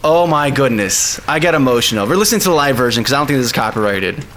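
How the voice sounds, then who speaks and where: A man streaming live, chatting casually and excitedly, laughing often and using lots of slang. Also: mid-range voice, fast. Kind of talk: casual live-stream chat over music. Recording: music playing faintly behind.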